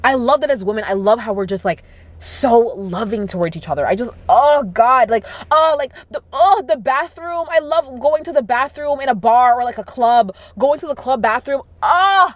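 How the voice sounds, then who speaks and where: Young woman vlogger talking to camera, gushing and exclamatory, voice on the higher side, close and dry sound. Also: moderate pace, no echo. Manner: gushing, animated, lots of fillers and exclamations. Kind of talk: casual chat to camera. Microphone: camera mic.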